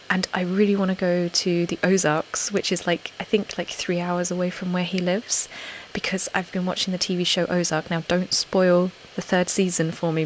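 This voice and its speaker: A young British woman, host of an ASMR channel, chatting casually on a live stream and reading viewer comments aloud, often slipping into a soft whisper. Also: lowish voice, a little hiss or hum, poor audio. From Britain.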